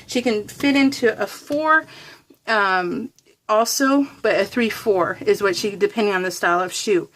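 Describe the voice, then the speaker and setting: Speaking in a fairly high voice, a craft vlogger narrates a casual, meandering story as a voice-over. She laughs a lot and makes self-deprecating jokes, with slight background noise in the clip.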